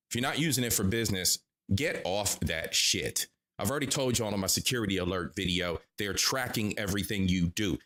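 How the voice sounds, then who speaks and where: A man's voice: medium pitch, a bit bright. A man vlogging a heated, profanity-heavy commentary, cursing and emphatic as he talks to his viewers.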